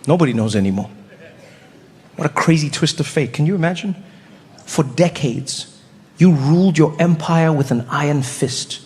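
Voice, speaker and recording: Male stand-up comic, lively storytelling, fairly high voice, long hall reverb, faint room noise. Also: normal speed, long pauses. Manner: animated storytelling, jumps into character voices. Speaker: stand-up comedian. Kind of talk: stand-up comedy.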